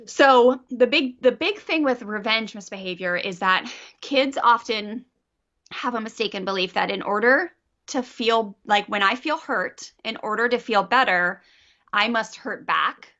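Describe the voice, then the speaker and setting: Brief: middle-aged woman parenting coach, bright tense tone, lively acted-out examples, lo-fi dull audio. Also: on the high side, unhurried. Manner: animated, acts out child and parent voices. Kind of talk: coaching a caller.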